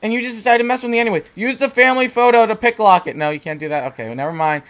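A young man hosts a let's play, his voice sitting high for a man and his words tumbling out fast. He rambles, restarts his sentences and talks straight back to the game's characters. He is recorded on a desk microphone. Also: a bit bright. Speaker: gaming channel host. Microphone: desk microphone with facecam.

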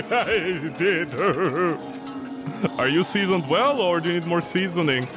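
A man streaming a horror game, excitable and joking as he yelps at what happens on screen. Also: high-pitched, very slow. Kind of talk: let's play commentary. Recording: game music playing behind voice.

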